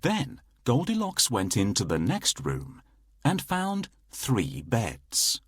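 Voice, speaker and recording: Slow, lilting storybook narrator, a man. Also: medium pitch, huge pitch swings, fairly bright tone, husky, dry recording, studio quality. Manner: slow, lilting read-aloud delivery. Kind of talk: scripted storybook narration for children.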